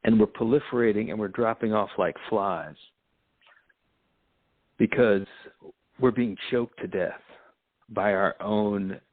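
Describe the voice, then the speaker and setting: A man's voice: on the low side, slow pace, pauses often, no echo. A man hosting a podcast in a rambling, profane monologue that comes off as preachy, laughing often as he talks. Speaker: podcast host. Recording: phone-like lo-fi sound, dry.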